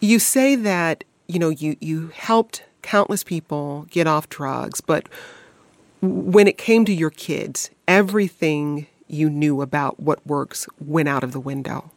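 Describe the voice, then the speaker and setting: Dry-voiced interview host, measured questions. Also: medium pitch, no echo. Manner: carefully framed questions with small restarts.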